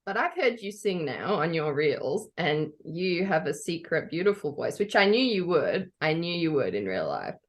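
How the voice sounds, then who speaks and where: A woman's voice: low voice, big pitch swings, normal speed, hardly any pauses. A woman co-hosting a podcast in casual chat, teasing her friend and laughing often. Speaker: podcast co-host.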